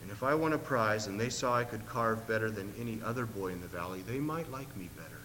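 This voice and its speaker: Man reading sullen, hurt boy, muttering; bright tone, hall echo. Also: fairly low pitch, animated, fast, slight background noise. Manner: sullen, muttering, near tears. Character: sullen, hurt young boy, lonely and downcast.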